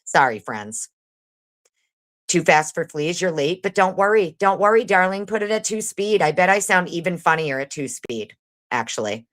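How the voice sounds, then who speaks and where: Low-voiced woman host reading fast. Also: animated, fairly bright tone. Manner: fast reader; sarcastic and profane. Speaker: livestream host. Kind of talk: casual livestream chat and reading aloud.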